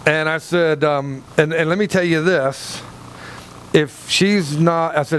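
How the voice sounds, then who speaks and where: A male pastor preaching in a high voice, reading a verse and stopping to explain it. He rambles and restarts his sentences, checking in with the congregation, with faint noise behind him. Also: steady tone, a little slow. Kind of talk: sermon with Bible reading and anecdote.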